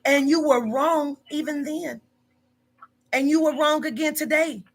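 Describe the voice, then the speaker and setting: A woman's voice: sits high, fairly even intonation, measured pace. A woman in her forties, a business owner, scolding bluntly and profanely in a heated phone argument. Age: 40s.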